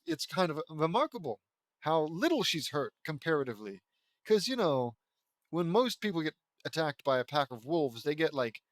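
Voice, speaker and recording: A man with a fairly high voice reads a story aloud and keeps stopping to mock it. His asides are sarcastic and dry. The recording is close and dead, with no room sound. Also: no room sound. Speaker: audiobook reader and commentator. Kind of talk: sarcastic reading of fan fiction with commentary.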